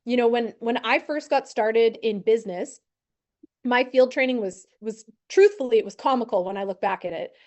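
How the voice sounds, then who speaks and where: A woman in her thirties who trains insurance agents, telling a lively story with acted-out quotes. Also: on the high side, normal speed, lo-fi sound. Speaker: insurance and financial advisor training new agents. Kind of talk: storytelling talk to a team.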